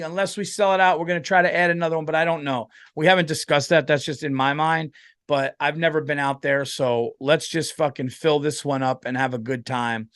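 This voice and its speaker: A man's voice: fairly high pitch, normal speed, fairly bright tone, no room sound, studio quality. A tired man hosting a comedy podcast, rambling and swearing freely in a casual monologue. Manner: profane, rambling, lots of fillers.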